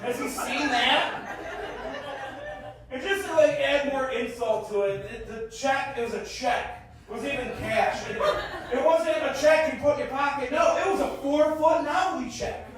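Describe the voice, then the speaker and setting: Stand-up comic, man in his thirties, very high voice, animated delivery with mumbled asides, heard a bit off-mic in a booming echoey room. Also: normal speed, recorded from a distance, crowd noise. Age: 30s. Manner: animated, bursts into shouted character voices. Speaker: stand-up comedian. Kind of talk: stand-up comedy set. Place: comedy festival stage.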